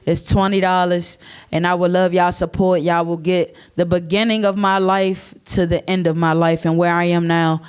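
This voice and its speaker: Man, high voice, clear and smooth, casual stage talk, heartfelt. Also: level tone, normal speed. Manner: loose, laughing, slangy and heartfelt. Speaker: panelist and community youth worker. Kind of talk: casual speech to a live audience. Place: stage before an audience.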